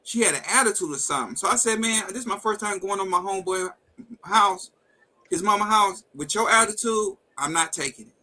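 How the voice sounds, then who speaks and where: A man with a high, bright, forceful voice tells a heated personal story on a live talk stream. He is blunt and profane and acts out each line of quoted dialogue. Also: lively intonation, a little fast, poor audio. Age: adult with a wife and kids. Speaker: host. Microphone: video call setup.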